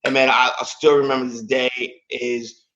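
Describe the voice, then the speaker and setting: A man's voice: medium pitch, level tone, normal speed, fairly bright tone, muffled recording. A man in his thirties, a podcast guest, telling a personal story in a casual, emotional way, with "man" and "like" in almost every line. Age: 30s.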